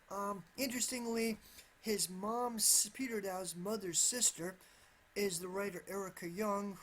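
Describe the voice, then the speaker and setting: A man's voice: on the high side, a bit bright, slight background noise. A man giving solo political commentary, rambling and hedging, often restarting his sentences and stressing his points over and over. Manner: rambling, with frequent restarts and repeated "absolutely"; careful, hedging tone.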